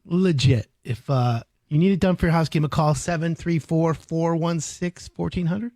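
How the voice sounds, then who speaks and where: A man in his fifties hosting a home improvement radio show, telling stories with loud animated bursts. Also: on the high side, normal speed, dry recording. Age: 50s. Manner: animated storyteller, loud bursts, reads phone number. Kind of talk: casual radio chat.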